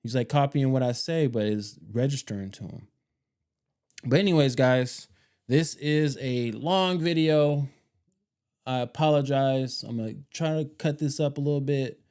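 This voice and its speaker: Male vlog host, 30s, mellow smooth voice, casual rambling delivery with slang. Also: medium pitch, measured pace. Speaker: homestead channel host.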